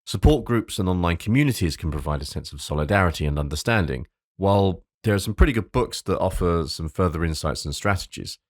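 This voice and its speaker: A man's voice: sits low, animated, a little fast, hardly any pauses, no echo, studio quality. A man hosting a solo advice podcast. He reads from a script, stumbles over repeated words, and drops into casual asides, sometimes with a swear. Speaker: podcast host.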